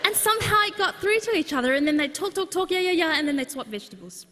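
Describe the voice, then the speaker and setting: A woman's voice: sits high, very animated, fast, very noisy. A woman giving a humorous, anecdotal personal talk to a live audience, with plenty of fillers. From Australia. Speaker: speaker at a book launch. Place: large exhibition hall, live audience. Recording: long hall reverb.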